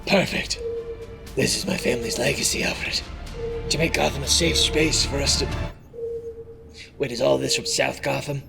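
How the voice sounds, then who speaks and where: A man's voice: mid-range voice, steady tone, moderate pace, vocal fry, long pauses. An actor playing a nervous, evasive rich male superhero in a comedy sketch, fumbling his words. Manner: fumbling, awkward laughs. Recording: faint music behind.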